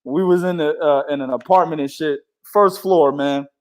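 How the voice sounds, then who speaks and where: His voice is a little high and his speed normal as he co-hosts a casual boxing podcast. He tells stories animatedly, with plenty of slang and profanity.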